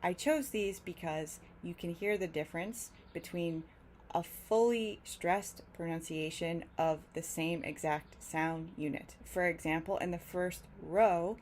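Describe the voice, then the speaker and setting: A woman with a somewhat low voice teaches English pronunciation, speaking clearly and patiently. She stretches out example words to demonstrate them. A faint hiss sits under the recording. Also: darkish tone. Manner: careful, drawn-out demonstration of words. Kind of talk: clear, slow teaching explanation.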